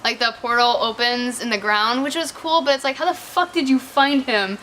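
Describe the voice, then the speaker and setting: Bright-voiced woman chatting about a movie. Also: fairly high pitch, normal speed, a little hiss or hum. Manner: chatty, profane, heavy use of "like". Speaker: movie reviewer. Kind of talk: casual chat.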